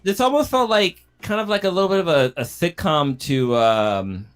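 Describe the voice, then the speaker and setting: Male co-host, high-ish voice, animated and amused, casual chat. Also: moderate pace, clear, resonant tone, soft background music. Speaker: podcast co-host.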